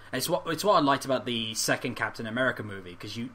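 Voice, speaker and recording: A man co-hosting a casual podcast chat, animated and swearing freely, often laughing. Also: medium pitch, fast talker, few pauses, a little hiss or hum. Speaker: podcast co-host.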